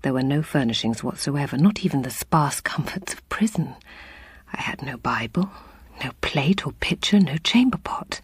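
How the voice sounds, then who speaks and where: Hushed, breathy woman reading a story. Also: rumbling low, lively intonation, moderate pace, dry recording. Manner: hushed, half-whispered delivery. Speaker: audiobook reader. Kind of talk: dramatic first-person story reading.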